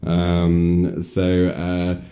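A man's voice: sits low, completely flat delivery, extremely slow, mellow. A man casually recapping a film as a podcast co-host, rambling with many fillers and acting out lines. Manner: rambling storyteller, many ums, acts out lines in silly voices. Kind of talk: casual chat.

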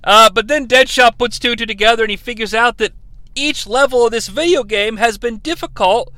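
A man's voice: extremely high pitch, fairly quick, pushed and bright, no echo. A man recapping a movie in a sarcastic comic style, acting out the characters' lines as he goes. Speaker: comedy podcast host.

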